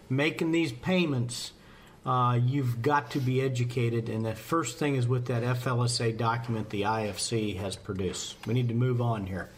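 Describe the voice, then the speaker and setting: A man's voice: mid-range voice, a little hiss or hum. A man in the fire service talking through volunteer staffing on a podcast in a folksy, rambling way, with jokes at his own expense. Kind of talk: casual podcast talk.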